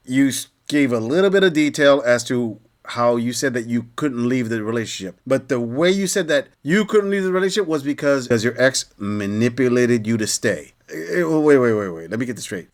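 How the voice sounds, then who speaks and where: A man hosting a reaction commentary, sarcastic, blunt and lecturing. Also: medium pitch. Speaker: commentary channel host.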